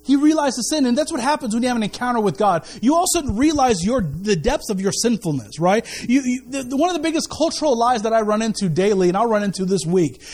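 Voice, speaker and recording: A man preaching a sermon as a pastor, animated and repeating his key phrases, often restarting words mid-sentence. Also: extremely high pitch, fast talker, hardly any pauses.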